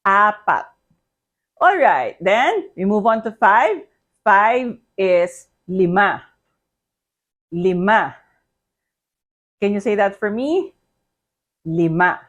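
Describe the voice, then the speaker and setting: Slow, patient Filipino woman teaching. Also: medium pitch. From Philippines. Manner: patient, repeats words and asks the listener to say them back. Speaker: language teacher. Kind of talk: language lesson.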